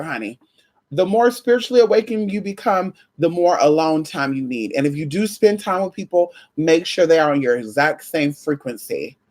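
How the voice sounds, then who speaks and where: A woman chatting casually to camera about spiritual energy. She swears freely and acts out conversations with sudden high jumps in pitch. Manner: animated, profane, acts out quoted exchanges with big pitch jumps. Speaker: spiritual vlogger.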